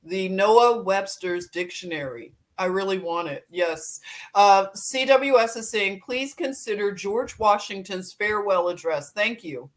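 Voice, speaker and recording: A woman from Philadelphia runs a laid-back livestream, her mid-range voice carrying a fairly bright tone. Between frequent laughs, she chats and welcomes viewers by name.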